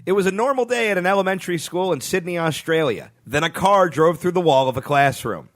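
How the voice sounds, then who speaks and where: A man co-hosts a comedy podcast, setting up quiz stories and tossing off deadpan quips. His voice runs a little high and swings widely in pitch as he talks. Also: fairly quick.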